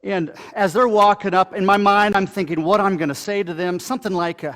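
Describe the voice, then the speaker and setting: A somewhat high-voiced man speaks as a pastor in a church sanctuary, giving a dramatic first-person monologue. His delivery is conversational, full of halting pauses and restarts. His voice rings through a hall with a long, trailing reverb. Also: fairly even intonation, a bit bright.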